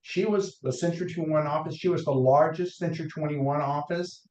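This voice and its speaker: A man's voice: fairly high pitch, fairly even intonation, brisk, a little mellow, muffled recording. A middle-aged man from North Carolina with a Southern accent, a guest on a podcast interview who tells long career stories with many restarts. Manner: rambling anecdotes with restarts, acts out quotes. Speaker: guest, mortgage lender. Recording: roomy echo.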